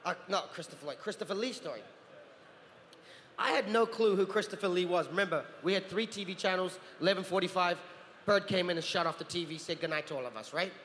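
A man in his thirties, a guest actor at a convention panel, telling lively anecdotes and acting out the people he quotes. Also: high voice, fast talker. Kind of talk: Q&A storytelling. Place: large convention hall. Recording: echoey hall with long reverb, faint noise.

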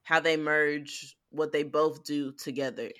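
A woman's voice: deep voice, level tone, unhurried, a bit bright, a little hiss or hum. A woman co-hosting a podcast in casual chat, laid-back and teasing. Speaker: podcast co-host.

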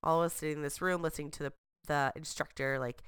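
A woman hosts a podcast in casual chat, telling stories in quick, lively bursts. Her voice sits fairly low for a woman and sounds close and dry, with no room around it. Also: clean tone, no echo. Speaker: podcast host.

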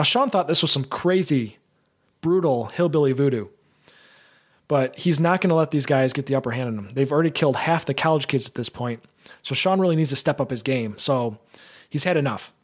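A man hosting a casual live podcast, recapping a film in a rambling, chatty way that is full of restarts. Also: on the high side. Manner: rambling, self-correcting, chatty. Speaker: podcast host.

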